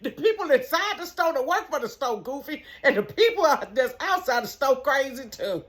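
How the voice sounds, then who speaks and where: Animated middle-aged woman telling stories. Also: high-pitched, moderate pace. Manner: animated, chatty, talks straight to viewers with "y'all" and "honey". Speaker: store manager. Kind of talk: casual storytime vlog. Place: bedroom.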